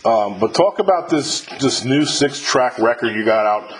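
A man's voice: medium pitch, lively intonation, normal speed, over a noisy crowd, rough recording. Casual, profane middle-aged male host. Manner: loose and profane, many fillers and restarts. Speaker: podcast host interviewing a musician. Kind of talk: casual chat.

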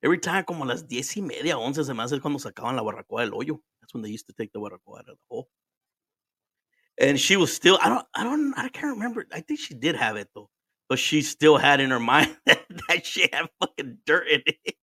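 A man with a Mexican accent tells family stories in a loose, profane podcast chat. His voice is bright and forward, and he slips between English and Spanish mid-sentence with frequent laughs. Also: mid-range voice, sing-song, quick pace, husky, no room sound, studio quality. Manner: swears freely, switches between English and Spanish, laughs often. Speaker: podcast host. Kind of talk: casual storytelling chat.

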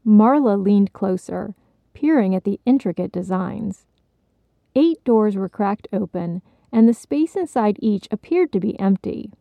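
Woman storyteller, measured read, gravelly and dark, dry close sound. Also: mid-range voice, lively intonation, no echo, phone-quality sound. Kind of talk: scripted story narration.

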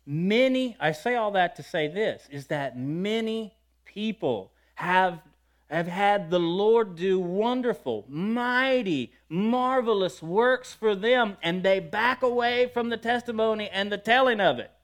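A male preacher telling stories in a sermon in a folksy, conversational way, swinging between loud and quiet and often laughing. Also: high voice, measured pace. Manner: lively storytelling with wide swings in loudness and frequent laughter. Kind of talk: storytelling sermon.

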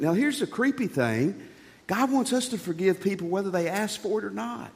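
A man preaching a sermon as a pastor, folksy and animated, with jokes and rhetorical questions. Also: sits high, moderate pace, creaky. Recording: long reverb of a large hall.

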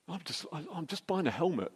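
A middle-aged man telling a jokey, anecdotal story as a church speaker, with quick restarts. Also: a little high, slightly rough. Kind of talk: storytelling sermon. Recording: long hall reverb.

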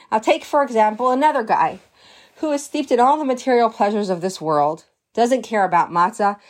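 A woman giving a religious lesson, with animated, conversational storytelling. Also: fairly high pitch. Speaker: Torah teacher.

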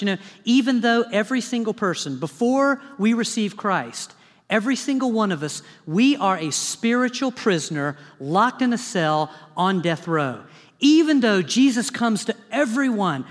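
A man, a pastor, preaching a sermon in an animated, dramatic style with humorous asides, recorded in a church sanctuary. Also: sits high, normal speed, big-room sound.

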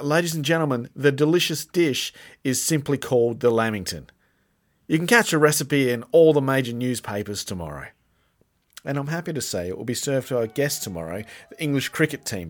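A man's voice: mid-range voice, animated, moderate pace. A man with an Australian accent doing a comic sketch, blustering through announcements like a pompous official. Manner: hammy, blustering, over-the-top announcer. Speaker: comedic sketch narrator playing an official.

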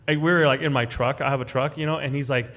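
Man, live storytelling, casual, lively voice, acts out quotes. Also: fast. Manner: animated, acts out quoted voices with big jumps in pitch. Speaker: guest storyteller on a live podcast show. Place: live event at a restaurant.

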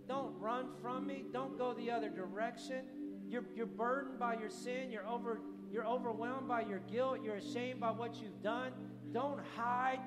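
A man's voice: very high-pitched, fairly even intonation, moderate pace. A pastor delivering an impassioned sermon, driving his points home with repeated declarations. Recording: long hall reverb, faint music.

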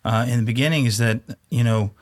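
A man co-hosting a casual parenting discussion, speaking in a thoughtful, measured way and slowing down on key words. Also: medium pitch, no echo, clean studio sound. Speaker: podcast co-host, father of boys.

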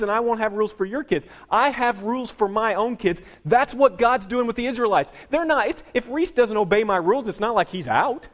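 Animated man preaching a sermon. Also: high-pitched, a little fast. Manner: animated storytelling with dramatic swings from loud to hushed. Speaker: pastor.

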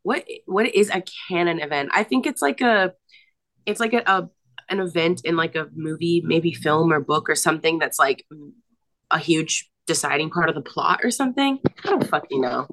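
A woman's voice: low voice, lively intonation, normal speed, a bit bright. A young woman co-hosting a podcast, chatting frankly and casually, swearing freely and laughing often. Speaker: podcast co-host. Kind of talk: casual chat. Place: apartment.

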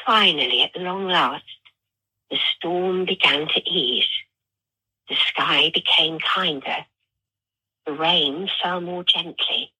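A woman author and therapist, a guest in an interview, reading her own poem in a slow, soft, measured way. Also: low voice, breathy edge, poor audio.

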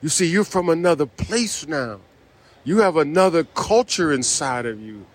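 A man's voice: a little high, animated, normal speed. Emphatic man preaching a sermon. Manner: repetitive, emphatic preaching with frequent "see".

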